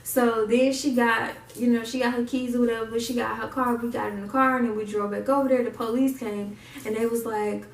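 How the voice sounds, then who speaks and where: Gravelly young woman telling a story. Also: on the high side, a little fast, distant mic. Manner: animated retelling, acts out quotes. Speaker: vlogger. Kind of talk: casual storytime. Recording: echoey room, mic set back.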